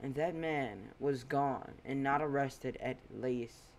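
A man voicing a brooding, smug teenage vigilante in a bat suit, speaking loud, slow and menacing. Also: medium pitch, a little hiss or hum. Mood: grim.

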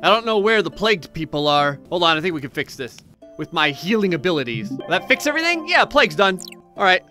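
A man giving jokey, excitable commentary while playing a god game in VR. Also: high voice, fast, soft background music. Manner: jokey, excitable, mock-godlike. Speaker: gameplay commentator. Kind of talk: playful VR gameplay commentary.

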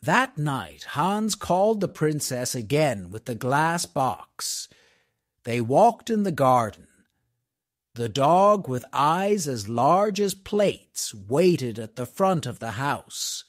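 A man narrating a simple storybook for English learners. He reads slowly and clearly, in a slightly high voice with lively intonation. The recording is dry and close. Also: dry recording. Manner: slow, clear, expressive reading.

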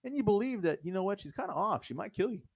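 A man's voice: high voice, fast, dry recording. A man co-hosting a movie review show, talking bluntly and profanely in casual, opinionated chat. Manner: blunt, profane, animated ranting.

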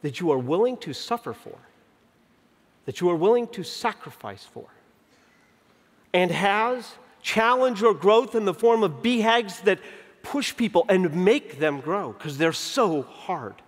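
A man in his fifties giving a conference keynote. He tells stories in an animated way, acts out the dialogue, and slows down to stress key points. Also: high voice. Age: 50s. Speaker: keynote speaker. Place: large conference venue. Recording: long reverb of a big hall.

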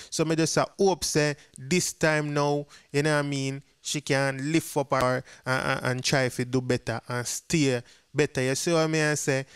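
A man's voice: mid-range voice, fairly bright tone, smooth, dry recording, clean studio sound. A man with a Jamaican accent giving a casual commentary to viewers, chatty and mixing patois with English. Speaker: dancehall gossip vlogger.

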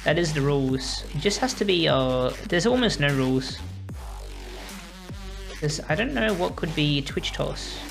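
A young woman with an Australian accent talks casually to her live-stream chat while she plays, rambling and apologizing as she goes. Her voice sits low and carries a gravelly fry, with faint game music behind her. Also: animated, unhurried.

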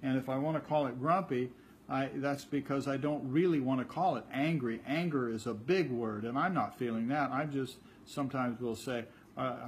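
A man's voice: mid-range voice, moderate pace, slight background noise. An older man giving an informal spiritual talk. He speaks conversationally, repeats words and acts out little dialogues. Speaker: spiritual teacher.

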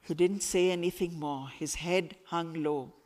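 A woman author reading a passage of her novel aloud to a school audience in slow, expressive storytelling. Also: fairly low pitch. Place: school event hall. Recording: echoey hall with long reverb.

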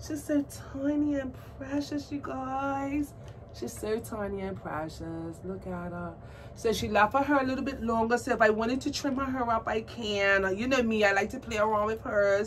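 A woman vlogging about her doll collection in a casual unboxing chat, gushing and excitable, cooing at a doll in baby talk. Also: medium pitch. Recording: distant mic with faint background noise.

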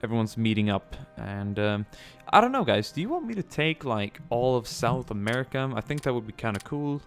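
A man's voice: medium pitch, very animated, fairly quick, faint music behind. A man giving casual gameplay commentary, chatty, with many ums and joking asides. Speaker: let's play gamer.

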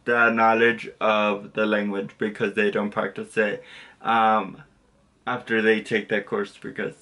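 Young man, casual tutor, slow unhurried delivery, self-correcting, filler-heavy. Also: fairly low pitch, flat delivery, sharp tone. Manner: rambling, self-correcting, lots of fillers and apologies. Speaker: language tutor. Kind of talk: casual spoken lesson.

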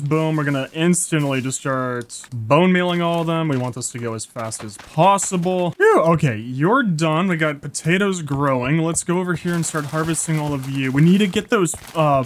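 A young man giving excitable, jokey commentary while playing a block-building game, full of exclamations. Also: a little high, a little hiss or hum. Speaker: Minecraft YouTuber. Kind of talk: gameplay commentary.

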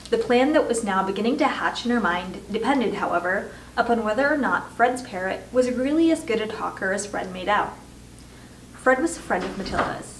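A woman reading a children's chapter book aloud in a measured way, slowing down for emphasis. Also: mid-range voice, expressive. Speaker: volunteer reader. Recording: roomy echo, distant mic, faint noise.

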